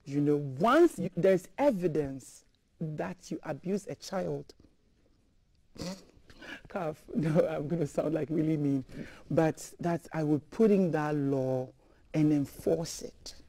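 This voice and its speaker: A woman's voice: deep voice, animated, slow, mellow, dry recording, low-quality recording. A woman from Ghana, a guest in an interview, talking through tears and breaking off mid-sentence. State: crying. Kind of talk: emotional interview talk.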